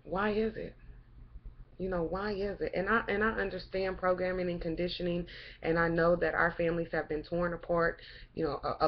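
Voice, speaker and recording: A woman's voice: mid-range voice, highs cut off. Fervent, preachy woman with lots of cursing. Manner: fervent, preachy, rhetorical questions, frequent cursing. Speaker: vlogger. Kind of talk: impassioned monologue to camera.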